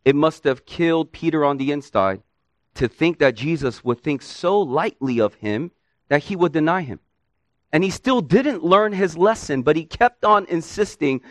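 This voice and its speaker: A man's voice: on the high side, lively intonation, moderate pace, no room sound. A male preacher giving an expository sermon, earnest and emphatic, often asking rhetorical questions.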